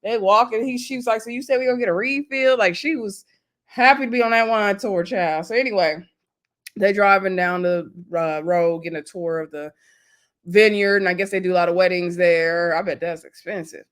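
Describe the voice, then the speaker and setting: A woman vlogger recapping a reality TV episode in a casual, gossipy, animated way, with loose slangy talk and asides to her viewers. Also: on the low side, normal speed. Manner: loose slangy speech addressing viewers as y'all.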